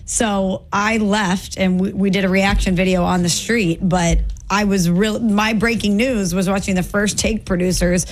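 Lively woman co-host telling a story. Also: mid-range voice, unhurried, few pauses. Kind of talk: sports talk show.

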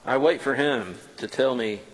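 Guy preaching like he's telling a story from inside it, gets loud then quiet, big echoey hall sound. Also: medium pitch, moderate pace. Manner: animated, swings between loud and hushed. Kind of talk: first-person dramatic sermon storytelling. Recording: long reverb of a large hall.

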